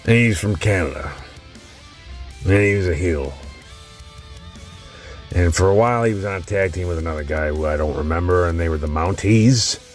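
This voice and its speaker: A man's voice: low voice, moderate pace, pauses often, faint music behind. A man hosting a tier-list video, talking casually and bluntly, rambling and cursing constantly as he ranks old wrestling gimmicks. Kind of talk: casual profane commentary.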